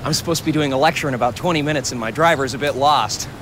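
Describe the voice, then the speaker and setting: A man's voice: mid-range voice, racing, close to an everyday voice. An actor playing a dim-witted young male limo driver who chatters in a chirpy, giggly, clueless way. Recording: film clip with street traffic noise.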